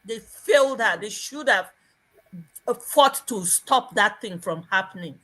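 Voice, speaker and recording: A woman's voice: mid-range voice, animated, measured pace, fairly bright tone, low-quality recording. A woman from Nigeria, a panelist on a live show, telling a personal story expressively and laughing along the way. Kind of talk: casual storytelling.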